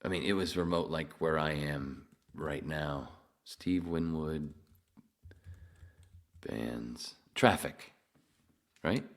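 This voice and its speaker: A man's voice: rumbling low, slow, pauses often. A man hosting a podcast, telling long stories in casual chat, swearing and laughing as he goes. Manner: swearing, laughing, animated storyteller. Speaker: podcast host.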